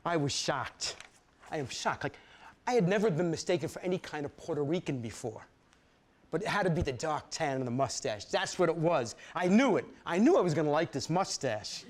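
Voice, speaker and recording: A man from Brooklyn, reading a personal story aloud in an animated, profane, conversational way. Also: a little high, normal speed.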